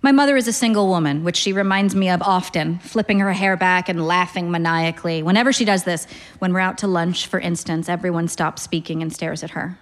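Deadpan woman reading a short story. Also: on the low side, fairly quick, long reverb tail. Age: 30s. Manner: dry, deadpan, wry. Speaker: narrator.

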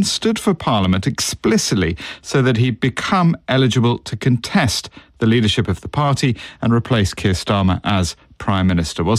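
A man presenting a radio news programme in a measured, clear broadcast delivery. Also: mid-range voice, no room sound. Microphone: studio microphone.

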